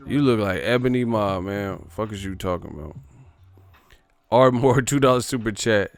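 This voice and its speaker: A man hosting a livestream, reading super chats and ranting in a casual comedic way, profane and animated, laughing often. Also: medium pitch, normal speed, smooth, no echo.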